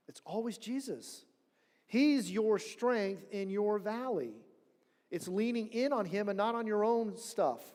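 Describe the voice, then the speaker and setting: A man preaching a sermon as pastor, telling a story in an animated way and acting out the people he quotes. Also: high voice. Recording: long church hall reverb.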